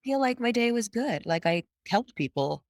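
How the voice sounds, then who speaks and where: A woman's voice: a little high, expressive, normal speed, dry recording, clean studio sound. A woman in her thirties, a veterinarian guest on a podcast, speaking reflectively in casual conversation. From United States. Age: 30s. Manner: reflective, thoughtful. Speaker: guest, in-home euthanasia vet.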